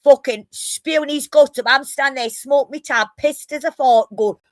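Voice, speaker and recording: A woman's voice: sits high, normal speed, hardly any pauses, no room sound. A woman with a Geordie accent, telling rowdy stories in a casual live stream chat, brash and full of swearing. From North East England.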